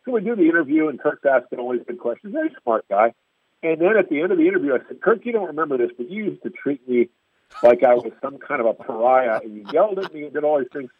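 A man's voice: on the high side, sing-song, fast talker, husky, no room sound. A man, a sports radio reporter, telling stories in casual chat and acting out quotes in raised voices. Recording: tinny phone-line sound, dry.

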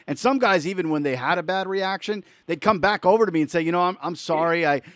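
A man in casual chat, speaking in a measured, thoughtful way with fillers. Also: high-pitched, no room sound, studio quality.

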